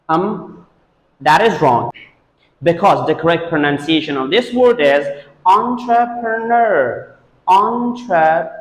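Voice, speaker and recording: A man teaching English pronunciation, whose first language is Persian, drilling each word slowly and repeating it several times. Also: on the high side. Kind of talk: pronunciation lesson. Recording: echoey room with long reverb.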